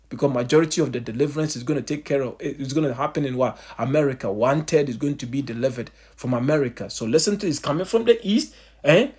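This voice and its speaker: A man preaching a sermon with a husky, breathy edge to a fairly high voice. He addresses his listeners as family and answers his own rhetorical questions as he goes. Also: lively intonation, fairly quick, a little mellow.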